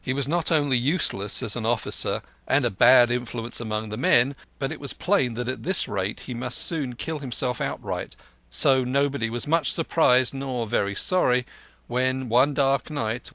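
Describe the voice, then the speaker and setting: Bright-voiced male audiobook narrator. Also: mid-range voice, no echo. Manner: measured storytelling, voicing each character.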